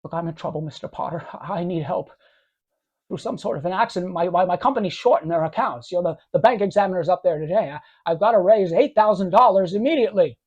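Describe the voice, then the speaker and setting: A man's voice: sits high, fast, husky. A man doing an impression of a desperate young man who stammers and repeats himself while begging for help, in a dull, muffled recording. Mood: pleading. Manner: stammering, pleading, repeats words. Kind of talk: voice impression of a film scene.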